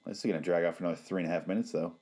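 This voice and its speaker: Low, mellow-voiced sarcastic man. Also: fairly even intonation, rapid-fire, husky. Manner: sarcastic and profane. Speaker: TV show reaction commentator. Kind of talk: casual watch-along commentary.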